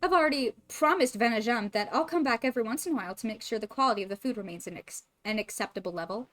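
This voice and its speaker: A woman voicing a composed, refined female chef in a put-on French accent, low and measured. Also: a bit bright, no room sound, natural voice. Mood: haughty.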